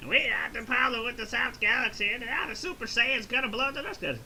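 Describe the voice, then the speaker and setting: A man doing a high, urgent voice for a frantic alien mentor figure. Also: fast talker, creaky, slight background noise, exaggerated voice. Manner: frantic, shouted warnings.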